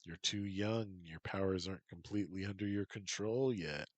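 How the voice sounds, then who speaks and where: A man's voice: low-pitched, normal speed, dry recording. A man voicing a stern, confident male superhero.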